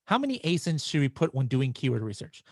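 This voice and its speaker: A man hosts a live webinar and works through viewer questions in a loose, chatty manner. His pitch sits in an ordinary middle range. The sound is dry and close, with no room echo. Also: big pitch swings, fast. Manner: casual and chatty, with frequent restarts and fillers.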